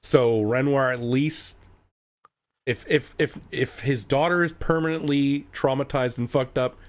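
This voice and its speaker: A man's voice: medium pitch, measured pace. A man co-hosting a podcast in casual chat, explaining his view of a story in a conversational way. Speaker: podcast co-host.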